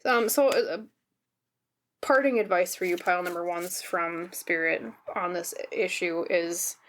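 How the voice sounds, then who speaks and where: A woman giving a pick-a-card tarot reading on camera, gentle and reassuring, often checking in with "okay?". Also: fairly low pitch, steady tone, unhurried, a little hiss or hum. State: briefly teary and emotional. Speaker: tarot reader. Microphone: camera mic, seen on camera.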